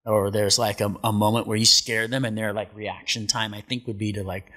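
A surf commentator telling stories in a casual sit-down interview, acting out the quotes and laughing often. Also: male voice, lowish voice, brisk. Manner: animated storyteller, acts out quotes, laughs often.

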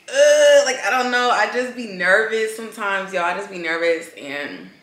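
A young woman in her twenties vlogging casually to camera, chatty and animated, talking straight to her viewers. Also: medium pitch, echoey room. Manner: chatty and animated, addresses viewers as girl and y'all. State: out of breath. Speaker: lifestyle vlogger. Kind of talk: casual vlog chat to camera.

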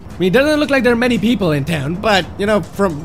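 A man commentating his own driving game, exasperated and self-mocking, yelling at the game when things go wrong. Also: high-pitched, sing-song, quick pace, soft background music. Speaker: gameplay commentator. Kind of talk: gameplay commentary.

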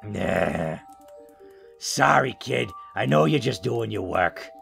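A man doing a gruff bitter old hermit. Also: lowish voice, expressive, takes it slowly, a bit bright, soft background music, heavily acted. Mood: menacing. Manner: grumbling, sarcastic, crude. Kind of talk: voicing game dialogue.

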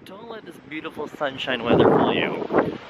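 A young man chatting casually to his camera as a vlogger, animated and swearing freely, with big jumps in pitch. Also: normal speed, lo-fi sound, a little hiss or hum. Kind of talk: casual vlog chat. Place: out and about, streets and cafés.

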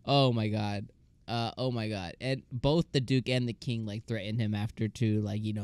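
A man's voice: on the low side, steady tone, normal speed, a little mellow, clean tone, no echo. A man casually reviewing an anime episode, laughing often and acting out scenes in comic voices.

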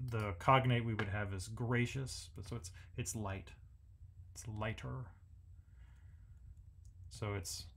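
Man singing rhythms while explaining music. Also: medium pitch. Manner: thinking aloud, sings rhythms on nonsense syllables. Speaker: music educator host. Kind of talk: live music analysis lesson.

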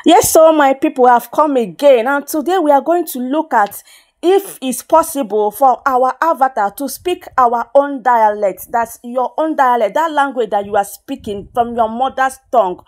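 A woman from Nigeria with a Nigerian accent, whose first language is Igbo, hosting a software tutorial in a chatty, encouraging way and speaking straight to her viewers. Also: sits high, normal speed. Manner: chatty and encouraging, addresses viewers directly, drops in Pidgin. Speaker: tutorial host. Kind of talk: screen-recorded software tutorial.

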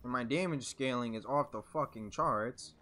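A young man commentating his own video game match live, excitable and laughing, swearing and trash-talking as he plays. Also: mid-range voice, moderate pace, faint music behind. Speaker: gaming streamer.

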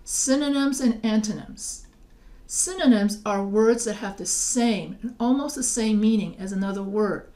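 A woman's voice: medium pitch, a little slow, warm tone. Woman teacher walking through spelling rules, patient, lots of restarts, spells words out. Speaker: writing teacher. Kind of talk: recorded lecture over slides.

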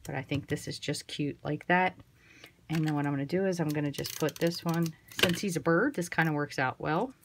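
Chatty woman with a lowish voice. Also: fairly quick, slight background noise. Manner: chatty, relaxed, thinks aloud while working. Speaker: card-making instructor. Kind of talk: casual craft tutorial.

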